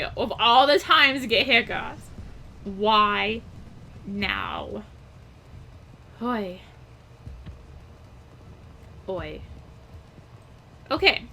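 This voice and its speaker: A woman's voice: fairly high pitch, creaky, sharp tone, a little hiss or hum. A woman casually commenting as she plays a video game, with chatty, wry asides. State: hiccups. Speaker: let's play host.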